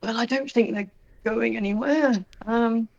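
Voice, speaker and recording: A woman voicing a kind, fatherly male toon who fusses gently with soft hesitations. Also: on the high side, a little slow, creaky, dull audio, voice pushed up. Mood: gentle. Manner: gentle, fussing, hesitant fillers.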